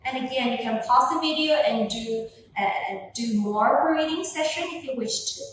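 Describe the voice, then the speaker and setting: Young woman, Pilates instructor, gentle soothing cues, high voice, very echoey room, distant camera mic. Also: moderate pace, slight background noise. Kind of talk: guided workout instruction.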